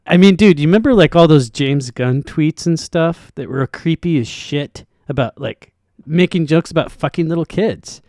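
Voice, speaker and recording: Excitable, profane male podcast host. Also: on the high side, moderate pace, dry recording, studio quality. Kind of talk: casual profane banter.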